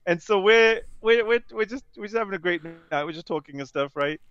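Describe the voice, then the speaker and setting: A man guesting on a video call, telling a story in a casual, animated way and putting on voices for the people he quotes. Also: high-pitched, fairly quick, smooth, no echo, highs cut off. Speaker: interview guest.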